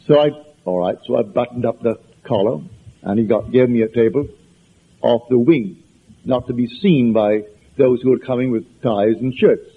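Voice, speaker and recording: A man's voice: mid-range voice, normal speed, breathy edge. A man with an accent giving a spiritual lecture, conversational and anecdotal, with emphatic repetitions. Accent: foreign accent. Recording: tinny lo-fi lecture recording.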